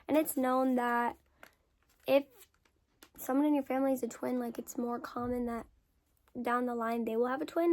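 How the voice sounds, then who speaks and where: A young woman content creator telling a story in a casual Q&A, candid, swearing freely and repeating words for emphasis. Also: high-pitched. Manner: lively storyteller with emphatic repetition. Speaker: content creator answering follower questions.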